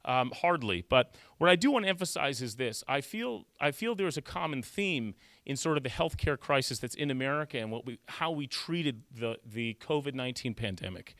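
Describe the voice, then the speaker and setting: A man, an emergency physician, giving a conversational storytelling talk, animated and full of fillers and restarts. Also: mid-range voice, moderate pace, hardly any pauses, no echo. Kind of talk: storytelling lecture. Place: cultural center lecture hall.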